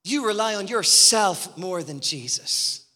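A man's voice: high voice, animated, a little slow, pushed and bright. A man preaching a passionate sermon as a guest speaker in a church, driving his points home with repeated rhetorical questions. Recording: long reverb in a hall.

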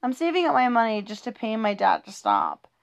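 A woman's voice: fairly high pitch, huge pitch swings, a little fast, muffled recording. Playful woman reading rhyming poems. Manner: playful, sing-song rhythm with small stumbles. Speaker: reader of children's poems.

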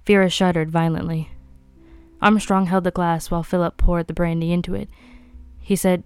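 A woman reading a mystery novel aloud in a measured, even way. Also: on the low side, clear, resonant tone, dry recording, soft background music. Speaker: audiobook reader.

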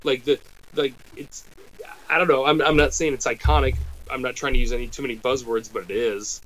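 A man from the United States talks in an animated, rambling way. He keeps breaking off into quick asides and restarting his sentences, at an ordinary middle pitch. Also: low-quality recording. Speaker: podcast co-host. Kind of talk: casual chat.

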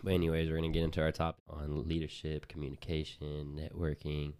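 A man with an extremely deep, dark voice co-hosting a casual podcast. He talks in a relaxed way, speaking straight to his listeners. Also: fast talker, smooth. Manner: relaxed, addresses listeners as "you guys". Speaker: podcast co-host.

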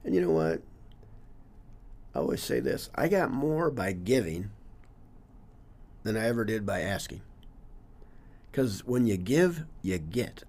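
Husky-voiced older man coach. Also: lowish voice, a little mellow. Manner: earnest and reflective, trails off with "you know, whatever". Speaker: longtime teacher and coach. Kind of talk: casual interview talk.

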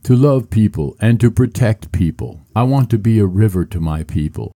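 A man's voice: on the low side, lively intonation, moderate pace, warm tone, no echo, clean studio sound, pitched above the performer's own voice. A man imitating an emotional male movie star who speaks in an earnest, overwrought way.

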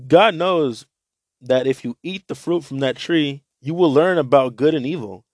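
A man's voice: a little high, moderate pace, no echo, pitched above the performer's own voice. A man reading the lines of a cunning male snake from a Bible. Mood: coaxing. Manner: reads the lines plainly from a Bible.

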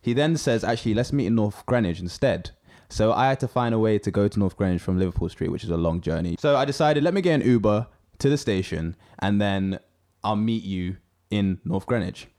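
A young man, co-hosting a casual chat and telling animated stories with lots of fillers. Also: on the low side, a little fast. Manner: animated storyteller, many fillers. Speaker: podcast co-host.

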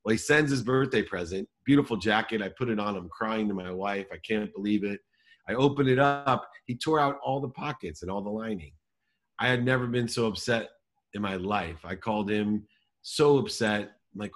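A man in his forties tells his own story in a lowish voice. He speaks earnestly and with emphasis, and slows down to lean on the lines that matter most. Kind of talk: personal story told in conversation.

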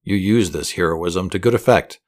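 A man telling a guided fantasy story to relax to, in a soothing, steady voice with dry humor. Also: sits low, moderate pace. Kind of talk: calm guided fantasy narration.

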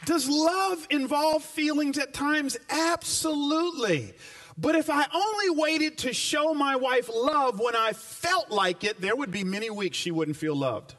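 A male pastor preaching a sermon, animated and full of repeated phrases, telling folksy, humorous stories to his congregation. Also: very high-pitched, measured pace. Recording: voice picked up from a distance.

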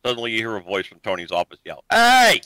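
A man's voice: sits low, racing, bright, forceful tone, no echo, low-quality recording. Man narrating as game master.

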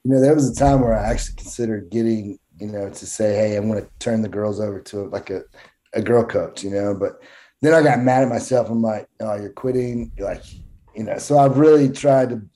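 A man's voice: lowish voice, a little fast, dark tone. A man talking candidly in a casual conversation about coaching and parenting. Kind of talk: casual chat.

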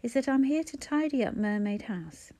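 A woman reading an audiobook, voicing a sharp-tongued, no-nonsense housekeeper who speaks briskly and caustically. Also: high voice, expressive, voice pushed up. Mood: caustic. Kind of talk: audiobook character voice.

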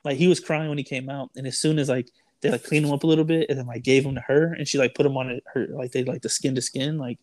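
A man's voice: mid-range voice, steady tone, quick pace, no echo. A young man telling a story in casual chat, rambling with lots of "like", "dude" and "bro". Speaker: storyteller guest.

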